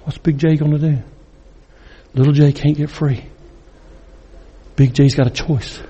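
A man preaching as a guest speaker, telling a dramatic story that swings between loud and hushed. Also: fairly high pitch, flat delivery, a little slow, breathy edge. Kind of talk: sermon storytelling. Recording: long reverb in a large hall.

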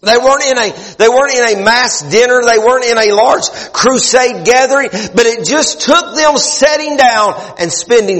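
High-voiced preacher in a reverberant hall. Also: male voice, normal speed, hardly any pauses, fairly bright tone. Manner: earnest, repeats and restarts phrases for emphasis. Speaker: pastor. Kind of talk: sermon.

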